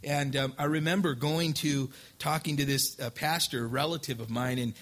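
A man's voice: a little high, steady tone, normal speed, a bit bright. A man, telling his life story as an informal testimony sermon from a church pulpit, acting out old conversations. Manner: folksy storytelling, acts out past dialogue. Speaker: preacher. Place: church sanctuary.

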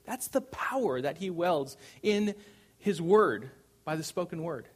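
A man's voice: a little high, lively intonation, unhurried, breathy edge. Man preaching in a conversational tone. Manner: conversational preaching with fillers, rising to loud proclamation. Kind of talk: sermon.

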